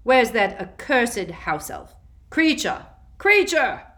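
A woman voicing a boisterous middle-aged wizard man who talks loudly and jovially. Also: mid-range voice, big pitch swings, a little slow. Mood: hearty. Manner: loud and jovial.

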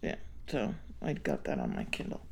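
A woman co-hosting a casual podcast chat, talkative and quick to laugh, often putting on a high squeal to act out her own reactions. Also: wildly swooping pitch, vocal fry, a little mellow, slight background noise. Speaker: podcast co-host.

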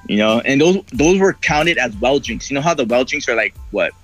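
A man's voice: medium pitch, lively intonation, brisk, a bit bright, rough recording. A man telling a story in loose, casual chat, rambling along and swearing freely. He jumps into the voices of the people in it as he goes. Faint music plays underneath. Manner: rambling, heavy swearing, acts out quoted voices. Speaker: podcast guest.

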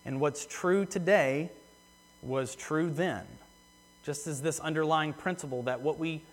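A man preaching a sermon in earnest, repeating phrases for emphasis and slowing down on key words. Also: fairly high pitch. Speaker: pastor. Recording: long hall reverb.

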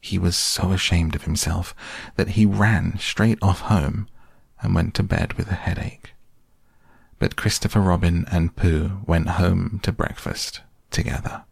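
A man reading a children's storybook aloud in a gentle, measured way. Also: low-pitched, steady tone, gravelly, slightly rough, dry recording, studio quality. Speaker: narrator.

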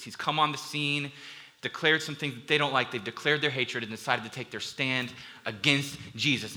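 Bright-voiced male pastor preaching earnestly. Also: medium pitch. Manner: earnest preaching that builds to emphatic, rising passages; conversational asides with the congregation. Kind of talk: sermon. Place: church hall with a congregation.

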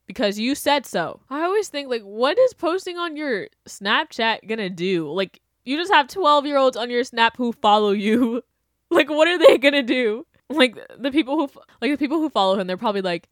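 A young woman hosts her own podcast in a high, animated voice at normal speed, with clean studio sound and no room sound. Her casual opinion rant is sarcastic, full of laughter and exaggerated outbursts.

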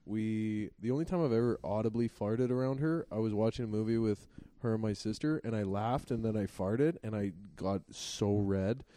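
A man's voice: lowish voice, normal speed, mellow, no room sound. A young man co-hosting a casual chat podcast, telling rambling, self-deprecating stories with frequent fillers. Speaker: podcast co-host.

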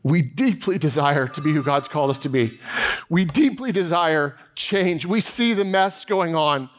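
A man's voice: fairly high pitch, animated, measured pace. A male pastor preaching a sermon, telling a story in a chatty, self-deprecating way with laughs. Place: church.

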